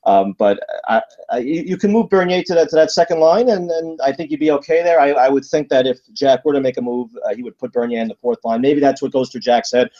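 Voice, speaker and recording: A man's voice: medium pitch, fairly quick, few pauses, mellow, lo-fi sound. A man co-hosting a casual sports talk show, blunt and emphatic, with lots of fillers and restarts. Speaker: sports podcast co-host.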